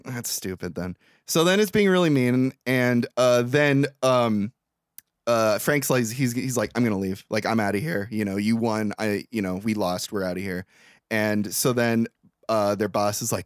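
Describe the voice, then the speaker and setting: A man's voice: on the low side, normal speed, clear, resonant tone, no room sound, clean studio sound. A man co-hosting a podcast, casually recapping a movie plot in a rambling, profane way and acting out the characters' lines. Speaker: podcast co-host.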